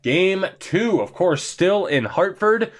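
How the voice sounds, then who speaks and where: A man commentating his own hockey video game play, chatty and excitable, laughing often, while getting over being sick. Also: sits high, slow. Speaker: gaming commentator.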